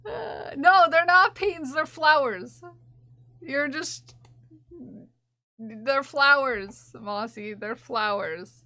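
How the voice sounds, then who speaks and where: Young woman, streamer, giggly and gushing, bright tone, slow talk, dry close mic. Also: high-pitched, dry recording. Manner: giggly, gushing, talks to chat by name. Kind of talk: casual live-stream chat.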